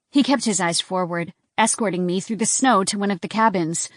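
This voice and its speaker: A woman's voice: medium pitch, fairly quick, few pauses, no echo, clean studio sound. A woman giving a tense, dramatic first-person audiobook narration.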